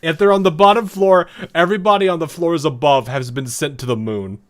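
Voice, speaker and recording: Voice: medium pitch, a little fast. A game streamer reading story dialogue aloud with casual commentary, laughing often. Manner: laughs often, reads story lines in an animated way.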